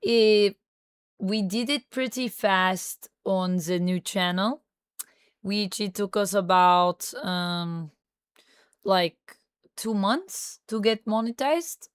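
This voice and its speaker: A woman's voice: medium pitch, takes it slowly, smooth, dry recording, clean studio sound. A woman streamer chatting casually on a livestream, reading viewer comments aloud and answering them, at times in a playful mock French Canadian accent.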